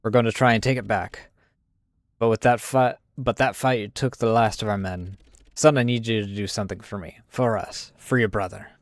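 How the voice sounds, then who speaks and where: A man reading an army officer's briefing to a young private in a put-on accent, low and dry. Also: steady tone, normal speed, no echo, lightly acted. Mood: grave.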